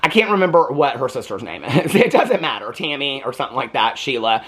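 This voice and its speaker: A man's voice: medium pitch, big pitch swings, a little fast, fairly bright tone. A man talks straight to camera about a movie, in a loose, chatty way. He giggles, drifts off on tangents and fills his talk with "like". His middle-range voice swoops up and down as he goes. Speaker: movie reviewer. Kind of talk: casual rambling review.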